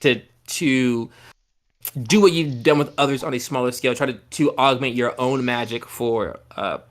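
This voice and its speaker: A man at a mid-pitched, everyday speaking level who acts as a tabletop game master. He describes scenes at length in a loose, rambling way and keeps coming back to "like" and "um" while he builds the picture. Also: normal speed. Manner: loose, descriptive narration full of "like" and "um".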